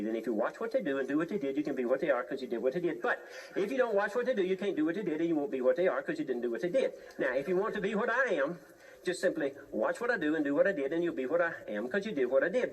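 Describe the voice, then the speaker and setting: A man's voice: on the high side, husky, far from the mic, low-quality recording. An older American man, a pastor doing a folksy comedy routine full of wordplay patter. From United States. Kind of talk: comedic banter and a spoken routine.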